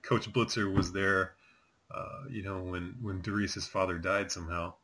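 Hesitant low-voiced man podcast co-host. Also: fairly even intonation, normal speed, sharp tone, slightly rough. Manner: hesitant, many ums and restarts. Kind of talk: casual film chat.

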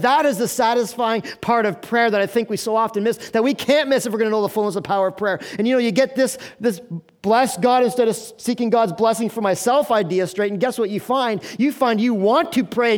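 A male pastor preaching a sermon in an earnest, conversational way, asking the congregation questions. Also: extremely high pitch.

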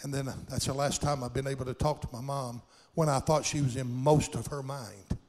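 A man's voice: medium pitch, steady tone, brisk, a little mellow, long reverb tail. An older man preaching a sermon in a church sanctuary, with impassioned, folksy delivery and plain country grammar.

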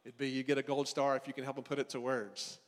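A man in the middle of his pitch range gives a relaxed, faith-based seminar talk. He speaks as a counselor, chatting loosely with the audience and restarting his sentences as he goes. His voice carries a long reverb from a large hall. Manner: casual, conversational, with asides and quick restarts. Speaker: marriage and family counselor teaching a seminar.

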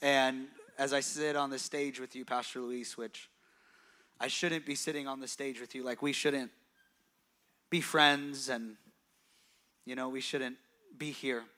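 A man's voice: medium pitch, fairly even intonation, unhurried, long pauses, pushed and bright. A man hosting an interview on a church stage, emotional and encouraging, often restarting his sentences.

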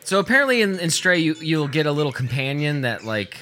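A man's voice: a little high, very animated, fast talker, bright, forceful tone, soft background music. A young man co-hosting a podcast in casual chat, laid-back and often restarting his sentences. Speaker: podcast co-host.

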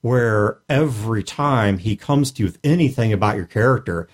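A man's voice: on the low side, moderate pace. A man co-hosting a casual podcast about tabletop role-playing, talking in a wry, joking way and acting out quoted players. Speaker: podcast co-host. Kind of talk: casual roundtable chat about tabletop gaming.

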